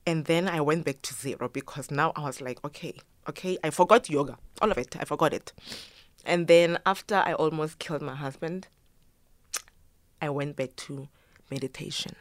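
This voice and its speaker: A woman's voice: low voice, normal speed, no room sound. A middle-aged woman guest telling a personal story with feeling, acting out the voices she quotes and slipping in Zulu phrases. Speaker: guest, choreographer and yoga teacher.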